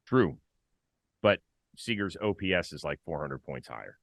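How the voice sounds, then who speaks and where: A man's voice: low-pitched, expressive, moderate pace, creaky, a bit bright, dry recording. A man hosting a baseball talk show, playful and stat-heavy in casual chat.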